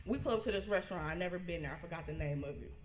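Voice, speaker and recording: A woman's voice: lowish voice, rapid-fire. Twenty-something woman, telling a story at a party, laughs a lot, echoey hall. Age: 20s. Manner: lively, laughing, acts out quotes. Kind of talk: storytelling toast. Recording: echoey room.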